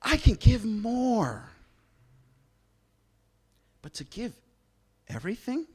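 A man acting out a rich ruler who is incredulous and bargaining, in an animated, exasperated voice during a sermon. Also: extremely high pitch, slow pace, breathy edge, pitched above the performer's own voice, exaggerated voice.

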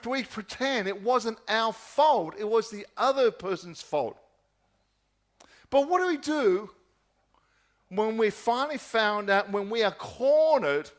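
A man preaching a sermon, asking repeated rhetorical questions and dropping his voice soft at key points. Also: sits high.

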